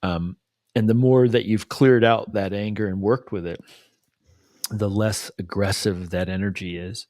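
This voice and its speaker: Man, podcast co-host, very low voice, dry close sound, reflective casual talk, lots of "you know". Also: fairly even intonation, a little slow, darkish tone, dry recording. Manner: reflective, peppers speech with "you know" and "right?".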